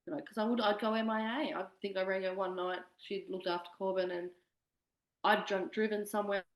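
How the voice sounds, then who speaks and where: A woman's voice: medium pitch, fairly even intonation, brisk, reverberant, poor audio. A young woman speaking candidly as an interview guest, swearing freely and quoting herself. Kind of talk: candid personal conversation.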